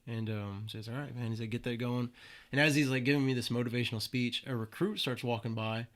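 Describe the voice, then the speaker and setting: A young man is telling stories as a guest on a podcast, easygoing and free with profanity, acting out the voices he quotes. He speaks quickly, with a mid-range voice and a steady tone.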